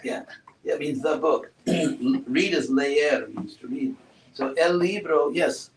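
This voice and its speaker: A man giving a relaxed classroom talk, asking his students questions and adding playful asides. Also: a little high, takes it slowly. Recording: roomy echo, far from mic, faint noise.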